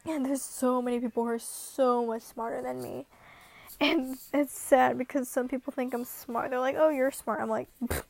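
A woman's voice: on the high side, vocal fry, a little mellow. A young woman in her late teens, recording a casual vlog at home and rambling in an anxious, self-deprecating way. She laughs often as she talks. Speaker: vlogger.

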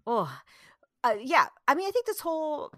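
Casting: woman, thirties, lively pitch, dry close sound, expressive storyteller. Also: moderate pace, dry recording. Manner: animated storyteller, acts out voices, laughs often. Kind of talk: casual chat.

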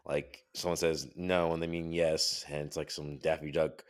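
Very deep-voiced young man, teasing. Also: flat delivery, normal speed. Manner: teasing, meandering, heavy on filler words. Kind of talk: casual chat.

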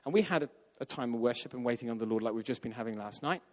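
A man preaches in a storytelling style, mid-pitched and animated. He slips into other people's voices as he tells the story. His voice rings with a long reverb from a large hall. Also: racing. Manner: animated, acts out quoted voices. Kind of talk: storytelling sermon.

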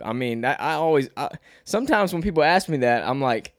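Speaking briskly, this young Arkansas rapper hosts his podcast with a rambling, self-deprecating monologue, his slight Southern twang showing as he restarts often and climbs in pitch when excited. The studio sound is clean, without room sound.

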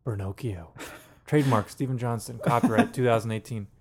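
A man's voice: mid-range voice, a little fast, darkish tone. A man co-hosting a casual music review podcast, joking and riffing on puns between talk about songs. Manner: playful, jokey, riffs on puns. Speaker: podcast co-host.

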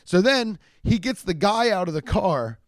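A young man telling a rambling, profane comedic story, acting out the people in it with shouted quotes. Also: high voice, expressive, a little slow, no echo, clean studio sound.

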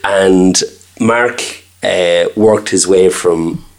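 Middle-aged Irish restaurateur, very deep voice, easy anecdotal chat. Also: male voice, fairly even intonation, drawn-out words. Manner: chatty storyteller, acts out quoted dialogue. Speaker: restaurant owner and chef. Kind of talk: casual interview chat.

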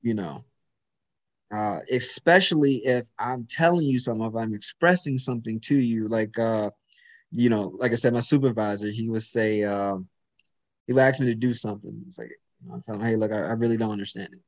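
A man's voice: medium pitch, normal speed. A man in a casual chat, talking emphatically and telling a story about work. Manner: emphatic, storytelling, frequent "you know what I'm saying".

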